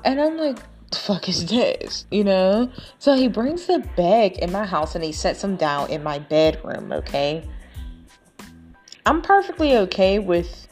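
A woman's voice: medium pitch, big pitch swings, unhurried, darkish tone, faint music behind. A woman hosting a podcast, telling a personal story in a casual, blunt, profane way and acting out the quotes. She sounds tired and yawns now and then. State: tired, yawning. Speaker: podcast host.

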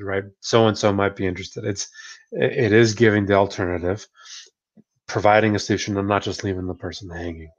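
Low-voiced man, chatty co-host. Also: fairly quick, highs cut off. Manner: relaxed, chatty, laughs often, many "right?" tags. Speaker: podcast co-host, therapist. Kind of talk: casual book discussion.

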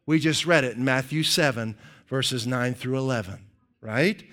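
A middle-aged man preaching a sermon as pastor, conversational and animated, tossing out rhetorical questions. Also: medium pitch, moderate pace.

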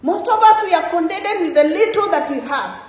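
High-voiced woman preaching in an echoey church. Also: lively intonation, a little fast. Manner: rhetorical questions, emphatic rises and soft trailing endings. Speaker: guest preacher. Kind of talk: sermon.

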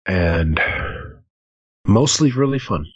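A man hosting a casual podcast, talking with a sick voice in a relaxed, offhand way. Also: low voice, slow, no echo, highs cut off. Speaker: podcast host. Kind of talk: casual chat.

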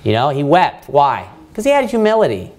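A man's voice: fairly high pitch, huge pitch swings, brisk, a little mellow. A man preaching a sermon as a pastor, asking rhetorical questions and repeating points for emphasis, with many filler phrases. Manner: many fillers of "you know" and restarts.

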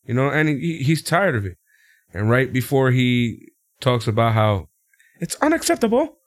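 A man's voice: measured pace, no echo, studio quality. A man casually recapping a wrestling show and acting out quotes. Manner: animated, laughs often, acts out quotes in high voices. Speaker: podcast co-host recapping wrestling. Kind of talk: casual chat.

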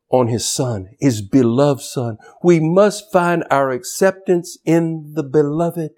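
An older man, a pastor, preaching a sermon in a church, animated and shouting at times for emphasis. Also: fairly high pitch.

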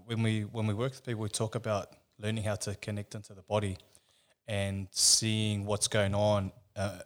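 A man who is a bodybuilder, talking reflectively in casual podcast chat with many "you know"s. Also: on the low side. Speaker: guest, bodybuilder.

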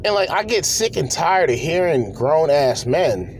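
A man's voice: on the high side, very animated, unhurried, slight background noise. A man hosting a podcast, ranting bluntly and profanely in slangy talk from his car. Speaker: podcast host.

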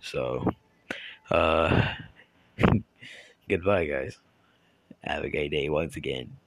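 Deep-voiced rambling young man. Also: no room sound, rough recording. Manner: rambling, halting with many restarts. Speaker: YouTuber. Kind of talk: casual monologue.

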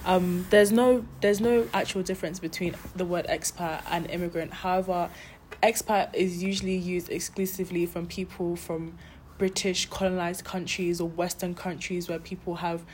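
Brief: podcast host, woman, lowish voice, measured explainer. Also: steady tone, darkish tone. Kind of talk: podcast interview. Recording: faint background noise.

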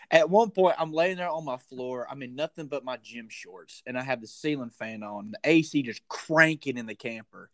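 A man's voice: mid-range voice, normal speed, dry recording. A man on a casual podcast, talking in a laid-back way with lots of filler words. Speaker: podcast co-host. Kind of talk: casual chat.

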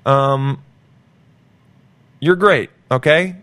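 A man's voice: medium pitch, very slow, clear, resonant tone, no echo. A young man hosting a podcast, giving a profane, swaggering, pumped-up solo rant to his listeners. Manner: profane, swaggering, pumped-up preaching with sudden loud jumps. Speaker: podcast host.

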